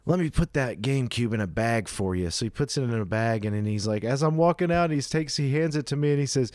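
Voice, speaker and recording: A man's voice: medium pitch, expressive, fast talker, few pauses, a little mellow, no room sound, clean studio sound. A man co-hosting a casual chat, telling a long anecdote and voicing the people in it. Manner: rambling anecdotes with acted-out quotes.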